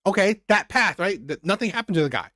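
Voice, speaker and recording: A man's voice: sits high, very animated, quick pace, pushed and bright, no echo, clean studio sound. Blunt, swearing male reaction host. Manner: blunt, emphatic, repeats phrases, swears. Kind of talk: reaction commentary.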